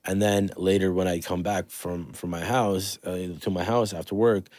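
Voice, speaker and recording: A man with a very low, deep voice tells a story in a loose, casual style, dropping swear words and fillers as he goes. He's from the Toronto area and hosts a podcast. The sound is dry and close, with no room echo. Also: fairly even intonation, moderate pace, darkish tone. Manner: loose and profane, with many fillers. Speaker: podcast host.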